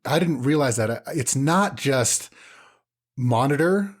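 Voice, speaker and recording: Brief: male podcast co-host, casual, joky, lively up-and-down pitch. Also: takes it slowly. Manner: lively, jokey, swings pitch when mimicking.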